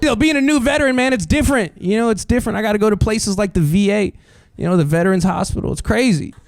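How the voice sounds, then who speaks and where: High-voiced rambling comic, self-mocking. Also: male voice, quick pace, gravelly, dry recording. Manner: rambling, self-mocking, laughs at own lines. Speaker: stand-up comedian, military veteran. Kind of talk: stand-up comedy set. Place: comedy stage with live audience.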